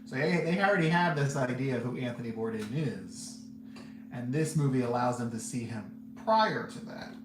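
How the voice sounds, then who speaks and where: Over music, a podcast host sitting indoors talks at a moderate pace in an animated, medium-pitched voice. He reviews films casually and candidly, wandering off topic and laughing frequently, in a recording with roomy echo and a low hum underneath.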